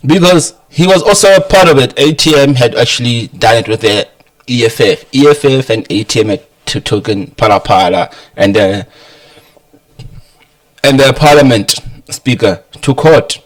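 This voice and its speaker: A man's voice: mid-range voice, normal speed. A man giving casual, amused political commentary to his viewers. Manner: chatty, amused, chuckles between points.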